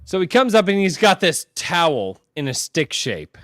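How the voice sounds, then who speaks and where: A man hosting a podcast, telling a story in casual chat, excitable and swearing a lot, tired after a long day awake. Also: on the high side, moderate pace, no room sound, clean studio sound. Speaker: podcast host.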